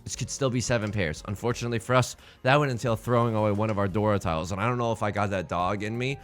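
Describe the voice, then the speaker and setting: A man hosting a let's play, giving excitable, jokey commentary full of exclamations as he plays. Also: lowish voice, quick pace, soft background music. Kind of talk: live gameplay commentary.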